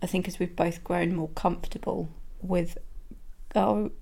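A woman chatting casually on a podcast, with a gravelly, creaky edge to her voice. She is playful and jokes about herself. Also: fairly low pitch, a little slow. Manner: playful, self-mocking, animated. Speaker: podcast co-host. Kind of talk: casual chat.

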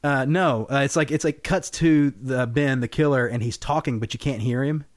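A man's voice: mid-range voice, normal speed. A podcast co-host in casual film discussion, rambling and swearing as he acts out scenes. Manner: rambling, profane, animated retellings of scenes.

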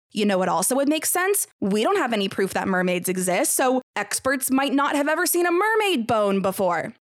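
A woman hosts a casual podcast with a higher-than-usual voice that rises sharply when she gets worked up. Her delivery is blunt and animated, with plenty of incredulous asides. The recording is dry and close, with no room sound. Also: dry recording. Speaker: podcast host. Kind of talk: casual conspiracy podcast chat.

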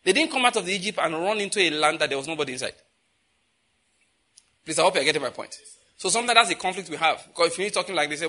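A man's voice: fairly high pitch, fast talker, bright, forceful tone. A man preaching a sermon, asking the congregation questions and answering them himself, with emphatic repetition. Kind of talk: sermon teaching.

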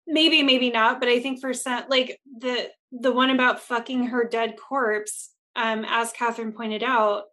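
Blunt, high-voiced woman chatting. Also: fairly even intonation, a little slow, hardly any pauses, sharp tone. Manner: candid and blunt, swears freely, acts out quotes. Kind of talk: casual chat.

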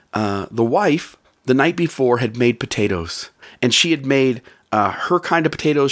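A man giving an earnest motivational talk about relationships, repeating phrases for emphasis. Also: mid-range voice.

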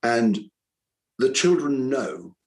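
A man's voice: mid-range voice, expressive, takes it slowly, darkish tone, rough recording. Earnest older man reminiscing. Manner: earnest, rambling with repeated restarts. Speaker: author and former teacher. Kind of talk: reflective interview conversation.

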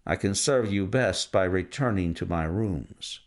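A man's voice: low-pitched, pitched below the performer's own voice. Man reading as a cool, precise detective. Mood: composed. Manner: measured, dry and self-assured. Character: cool, precise gentleman detective, adult male.

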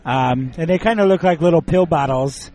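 A man's voice: on the high side, normal speed, darkish tone, rough recording. Enthusiastic man rambling about a hobby. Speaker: podcast co-host. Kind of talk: casual chat.

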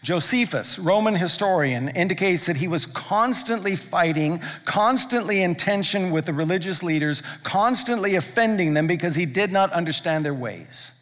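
A man's voice: sits high, lively intonation, moderate pace, few pauses, a bit bright. A male pastor preaching a sermon in a church, talking conversationally and driving points home with emphatic repetition. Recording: long reverb from a large hall.

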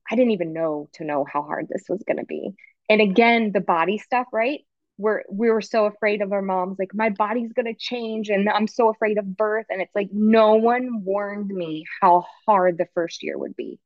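A woman's voice: medium pitch, dry recording, muffled recording. A woman in her thirties, a podcast guest, speaking candidly and emotionally in a rambling conversational way. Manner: frank, emotional, rambling with restarts.

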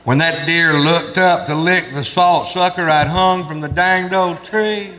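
A man's voice: fairly high pitch, unhurried, bright, forceful tone. A Texan man playing his boastful redneck hunter cousin. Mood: bragging. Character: boastful male redneck hunter cousin bragging about a kill. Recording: reverberant stage recording with audience noise.

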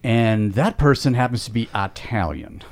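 A man in a casual podcast chat works through his thoughts with frequent pauses and fillers. His voice has a medium pitch and an easy, conversational tone. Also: lively intonation, darkish tone. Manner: thoughtful, hesitant, many fillers. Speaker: podcast co-host.

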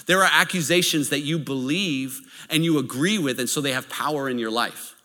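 Male pastor, animated storytelling sermon, bright tone, long hall reverb. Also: medium pitch, normal speed. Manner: animated, anecdotal preaching with laughs.

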